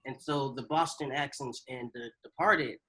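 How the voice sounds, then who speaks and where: A man's voice: mid-range voice, moderate pace, sharp tone, slightly rough, rough recording. A man co-hosting a casual film podcast, hesitant and trailing off with many "um"s. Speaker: podcast co-host.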